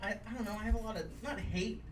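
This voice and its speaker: A man's voice: sits high, quick pace. A young adult man performing a self-deprecating stand-up set at a live show, rambling with many fillers. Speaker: stand-up comedian. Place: comedy venue with live audience. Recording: roomy live room, far from the mic, noisy. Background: audience laughter.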